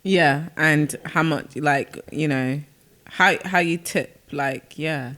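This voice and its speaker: A woman, co-hosting a podcast and telling lively stories in casual, slangy chat. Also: deep voice, takes it slowly. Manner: animated storyteller with slang, many restarts. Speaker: podcast co-host.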